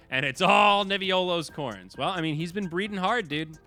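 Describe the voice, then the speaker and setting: Excitable male stream host, bright and a touch high, casual and profane; soft music bed underneath. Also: moderate pace. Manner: excitable, swears, laughs and shouts at losses. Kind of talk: casual game-stream commentary.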